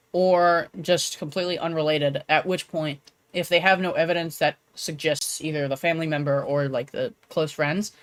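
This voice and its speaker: A woman's voice: sits low, no echo. Rambling young woman streamer. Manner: rambling, trails off with "like". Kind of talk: casual let's-play commentary.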